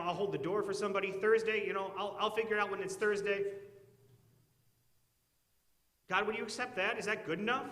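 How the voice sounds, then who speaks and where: A man's voice: a little high, bright, forceful tone. A man acting out an anxious everyday man bargaining with God, pleading and wheedling with rising questions, in an echoey church hall.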